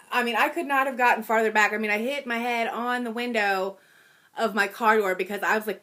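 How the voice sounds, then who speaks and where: A woman in her thirties tells a personal story in a casual, chatty way. Her voice is bright and clear, and her tone is self-deprecating, with little laughs and fillers along the way. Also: on the high side, normal speed.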